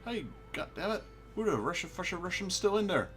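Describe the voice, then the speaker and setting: Guy putting on a cranky cussing rocket captain, pitched way up, snappy and loud. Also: sing-song, fast talker, soft background music. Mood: barking. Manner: barking, impatient, swearing. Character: gruff foul-mouthed male rocket captain.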